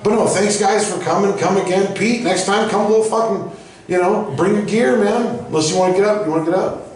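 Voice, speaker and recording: A man working out stand-up material with a slightly high, profane, rambling delivery. He is heard from some distance in a very echoey room. It sounds like a small live venue. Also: fairly quick. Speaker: open mic host and comedian. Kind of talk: stand-up comedy. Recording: very echoey room, mic from afar.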